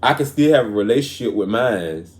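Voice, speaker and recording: A man hosting a casual commentary show, earnest and emotional, moving between raised and quiet talk. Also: medium pitch, expressive, brisk. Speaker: show host. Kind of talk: casual commentary on celebrity news.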